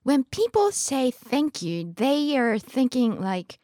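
Female language teacher, higher and animated pitch, clear drills, dry mic. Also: slow pace, no room sound. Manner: clear, emphatic word drills. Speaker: Japanese teacher. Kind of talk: language lesson co-host.

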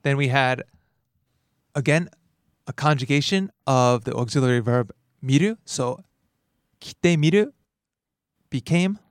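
Lively man teaching grammar. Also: medium pitch, measured pace, pauses often, no room sound, clean studio sound. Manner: lively, laughs often, acts out dialogue lines. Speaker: language teacher and host. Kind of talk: explaining grammar in a lesson podcast.

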